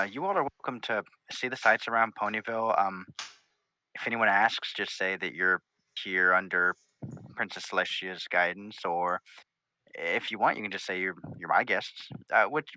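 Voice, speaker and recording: A man's voice: lowish voice, animated, normal speed, bright, forceful tone, a little hiss or hum, poor audio. A man voicing a tired, scholarly female pony princess who is flustered and hesitant, full of ums.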